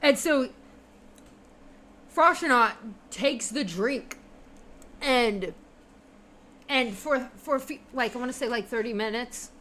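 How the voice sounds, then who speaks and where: A woman runs a tabletop game for a stream, narrating in a somewhat high voice. She talks slowly and rambles with many fillers. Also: fairly bright tone. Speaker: game master.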